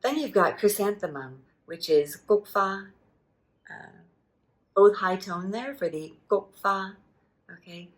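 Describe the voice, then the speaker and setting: A middle-aged woman giving a relaxed spoken language lesson, patiently explaining and repeating words. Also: mid-range voice, takes it slowly, rough recording. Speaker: language teacher.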